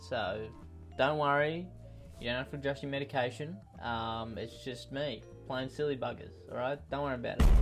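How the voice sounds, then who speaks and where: A man giving sardonic, mocking comedic commentary. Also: medium pitch. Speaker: comedy creator.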